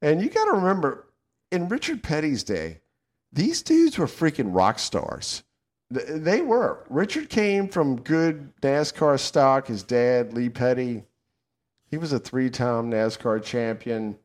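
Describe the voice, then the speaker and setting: A middle-aged man from the American South hosts a casual chat show. He talks with a Southern accent, swears freely, laughs often, and his pitch swings widely. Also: big pitch swings, slow. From southern United States. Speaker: podcast co-host.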